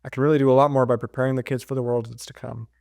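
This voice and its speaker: A man's voice: medium pitch, flat delivery, racing, gravelly, a little mellow, dry recording, clean studio sound, natural voice. A man reading a novel aloud, voicing an anxious male science teacher who dodges and makes excuses, in his own plain voice. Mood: defensive.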